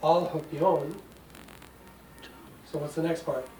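Older man in his 60s, patient teacher with dry jokes; fairly high voice, echoey room, mic far away. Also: fairly even intonation, slow, mellow. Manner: patient, explanatory, wry asides. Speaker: Greek teacher. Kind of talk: classroom lesson. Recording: echoey room, distant mic, faint noise.

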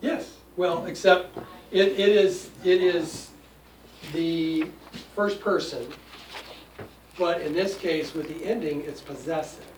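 Older man in his 60s, patient teacher with dry jokes; fairly high voice, echoey room, mic far away. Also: takes it slowly. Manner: patient, explanatory, wry asides. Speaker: Greek teacher. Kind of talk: classroom lesson. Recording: echoey room, distant mic, faint noise.

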